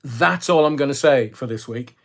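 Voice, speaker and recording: An older Scottish man hosts a casual livestream, reading out viewer comments in a chatty, jokey ramble full of fillers. His voice is medium in pitch and moves at a moderate pace.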